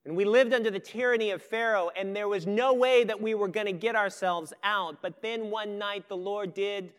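A man preaching acts out a solemn father who speaks gently and earnestly to his son. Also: high-pitched, moderate pace, clean tone. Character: solemn, tender father telling his son their story.

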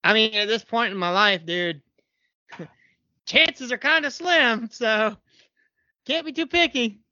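Man, bright tense voice, self-mocking co-host, slightly muffled. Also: high-pitched, no echo. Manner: self-mocking, quick jokes. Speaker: podcast co-host. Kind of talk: casual podcast chat.

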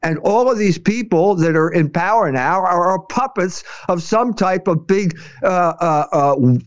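Man, high-pitched, impassioned commentary, halting restarts, dry muffled recording. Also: lively intonation, no echo. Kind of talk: opinionated commentary chat.

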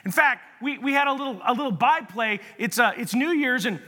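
A man preaching a sermon as pastor, telling stories in an animated way and often restarting his sentences. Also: extremely high pitch, fairly quick. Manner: animated storytelling with repeated restarts. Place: church sanctuary. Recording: long reverb of a large hall.

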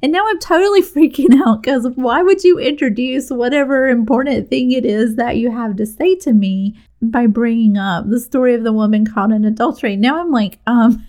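A woman's voice: fairly high pitch, moderate pace. Laughing middle-aged woman podcast host. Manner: laughs at her own jokes; animated, acts out dialogue. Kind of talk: casual storytelling monologue.

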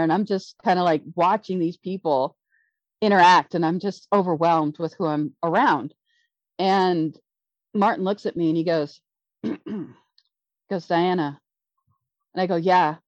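A middle-aged woman with a fairly low voice tells a long, rambling story and restarts her sentences as she goes. The recording sounds dull, lo-fi and dry. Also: no room sound. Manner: rambling, excitable, many restarts. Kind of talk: casual storytelling.

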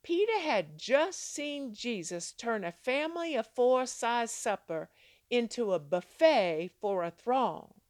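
A woman's voice: big pitch swings, slow pace, no echo. A woman teaching a devotional Bible lesson, telling the story dramatically and asking her listeners rhetorical questions. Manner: acts out quoted lines with big pitch jumps. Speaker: Christian devotional speaker.

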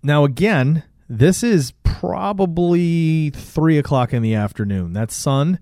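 Um homem numa conversa casual, recontando um filme com energia, xingando bastante e imitando as falas dos personagens. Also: male voice, a little high, takes it slowly, no echo, studio quality. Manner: animated retelling, swears a lot, acts out lines. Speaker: podcast co-host. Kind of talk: casual movie recap chat.

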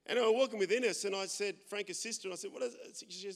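A man preaches with a naturally loud, animated delivery and pokes fun at himself as he tells stories. His voice sits high for a man. The sound carries a long reverb from a large hall. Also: fast, gravelly, hardly any pauses. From Australia. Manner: loud, animated, self-deprecating humor. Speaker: pastor. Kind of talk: sermon with storytelling.

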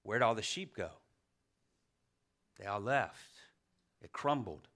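Middle-aged male pastor, bright tone, sermon delivery with call-and-response questions, dynamic swings from loud to quiet. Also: lowish voice, animated, slow pace. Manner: preaching with questions to the congregation, swinging from loud to hushed.

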